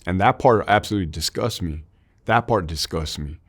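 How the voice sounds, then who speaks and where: In a low, brisk voice, a man in his thirties who served in the army talks as an interview guest, candid and emotional, leaning on "dude" and "like" and swearing now and then.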